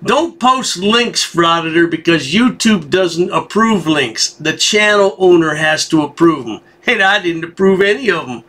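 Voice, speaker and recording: A man's voice: high-pitched, lively intonation, measured pace, hardly any pauses, a bit bright. A man hosting a commentary channel, giving a sarcastic, taunting voice-over.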